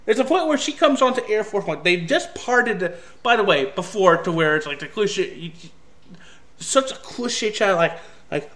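A man's voice: sits high, very animated, moderate pace, pushed and bright. A man ranting through a film review, exasperated and sarcastic, swearing freely.

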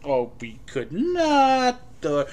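A man putting on the voice of an indecisive New York rabbi, speaking slowly with a drawn-out, shrugging manner. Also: a little high, huge pitch swings, a little mellow, full character voice. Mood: dithering.

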